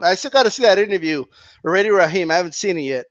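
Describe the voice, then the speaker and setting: A man ranting about boxing in a sarcastic, animated way, swearing constantly and laughing often. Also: sits high, quick pace, no echo, muffled recording. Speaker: boxing commentator. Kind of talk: profane ranting monologue.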